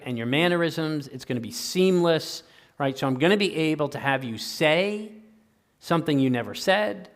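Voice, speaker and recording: An older male lecturer with a medium-pitched voice fields audience questions in a relaxed, conversational style, repeatedly adding "right?" to his points. The recording carries the long reverb of a lecture hall.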